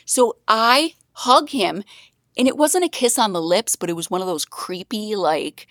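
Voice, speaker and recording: A young adult woman telling a story as a podcast guest, bubbly and excitable, laughing often. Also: medium pitch, a little slow, no room sound, clean studio sound. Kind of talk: casual storytelling.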